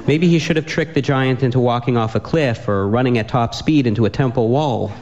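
A man reading a comic story aloud with a dry, deadpan delivery. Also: mid-range voice, a little fast, muffled recording, background noise.

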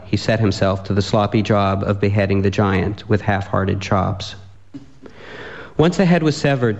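Man, storyteller, deadpan comic reading, low voice, dull lo-fi sound.

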